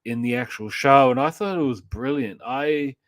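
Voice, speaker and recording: A man's voice: mid-range voice, moderate pace, a bit bright, dry recording. A man co-hosting a live show, chatting casually and gushing with praise about a series. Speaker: co-host. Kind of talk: casual pop-culture chat.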